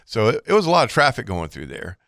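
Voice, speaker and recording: A man co-hosting a fishing show, telling a long hunting story in a relaxed, chatty way and acting out what each person said. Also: mid-range voice, fast, gravelly, dry recording, studio quality. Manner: animated storyteller, acts out quoted exchanges. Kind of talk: casual storytelling.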